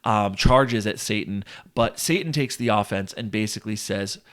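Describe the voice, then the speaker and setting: A man's voice: on the low side, normal speed, fairly bright tone. Chatty man explaining a classic poem. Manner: chatty, with frequent "uh" and "like". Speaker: literature explainer. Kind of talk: casual explanatory lesson.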